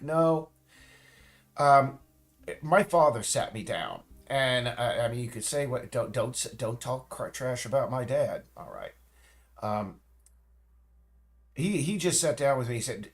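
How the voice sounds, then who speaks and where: A man at a mid-range pitch rambles through a casual livestream chat, starting over and correcting himself as he goes. His voice carries a roomy echo, as if the room around him has bare walls. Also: expressive, normal speed, soft background music. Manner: rambling, frequent restarts and self-corrections. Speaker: streamer.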